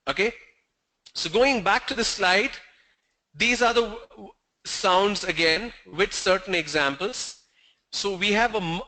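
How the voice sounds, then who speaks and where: On a low-quality recording, a middle-aged man teaches English pronunciation online in a slow, bright, forceful voice that sits high. He drills sounds letter by letter and corrects common mistakes.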